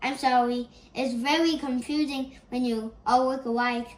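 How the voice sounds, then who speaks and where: A woman's voice: high voice, steady tone, moderate pace, natural voice. A woman voicing a kindly, slightly bumbling male school principal in a children's storybook, in an echoey room. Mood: earnest.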